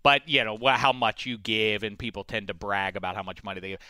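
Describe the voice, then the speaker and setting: Rambling, jokey sports radio host. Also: male voice, fairly low pitch, level tone, fast, bright, forceful tone, clean tone, no echo, clean studio sound. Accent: faint Pittsburgh. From Pittsburgh area. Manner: rambling, jokey, many restarts. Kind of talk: casual radio banter.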